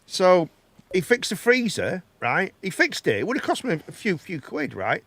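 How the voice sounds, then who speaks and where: A man hosts a loose live chat stream. His voice sits a little high, and he rambles through jokey anecdotes that trail off. The sound is close and dry. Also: big pitch swings, moderate pace, pauses often, fairly bright tone, no room sound. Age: 30s. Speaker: host. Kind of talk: casual live chat show.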